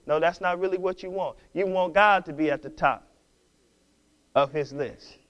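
A man pastor preaching a sermon, exhorting his congregation, repeating and restarting words and building to loud, passionate stretches. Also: a little high, moderate pace, muffled recording.

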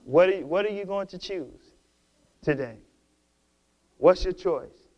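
A man pastor with a notably high voice delivering a sermon. He exhorts his listeners, stumbles over and repeats words, and swells into loud, fervent preaching. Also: lively intonation, takes it slowly, highs cut off.

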